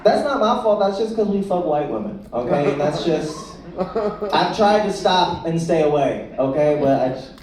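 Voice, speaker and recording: A man doing a live stand-up set on a comedy club stage, crude and animated, laughing at his own jokes. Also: on the high side, unhurried, heavy background noise. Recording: echoey club taped from far off, loud crowd. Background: audience laughter.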